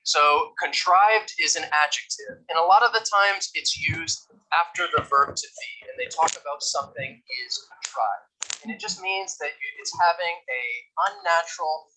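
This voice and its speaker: A man's voice: on the high side, moderate pace, pushed and bright, a little hiss or hum, rough recording. A man teaching English vocabulary in an online lesson, chatty and reading replies from the chat. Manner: chatty, reads the chat, laughs easily.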